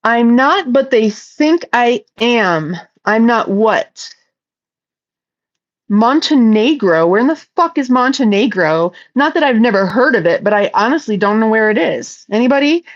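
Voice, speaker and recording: A woman's voice: on the high side, lively intonation, unhurried, dull audio. A woman hosting a casual livestream chat, reading viewer comments aloud and answering them in a blunt, profane, talkative way.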